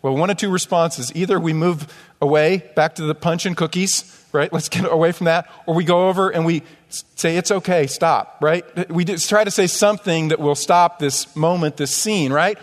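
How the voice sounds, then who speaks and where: A pastor preaches to his congregation in an animated way, often pausing on rhetorical questions. His man's voice sits a little high. The sound carries a long reverb from the church hall. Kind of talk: sermon. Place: church sanctuary.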